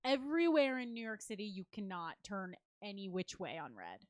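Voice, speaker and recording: A woman hosting a casual comedy chat, telling stories with animated acted-out quotes. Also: medium pitch, moderate pace, no room sound. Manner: animated storyteller, acts out quotes. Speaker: comedy show host.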